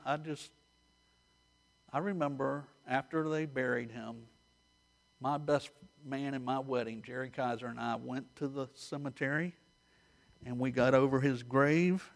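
A man preaching a sermon, retelling stories with animated, direct address to his listeners. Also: medium pitch.

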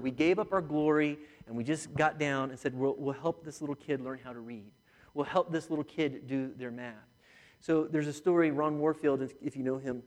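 A man preaching a sermon as pastor, moving from quiet, conversational stories to raised, impassioned calls. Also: mid-range voice. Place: church sanctuary.

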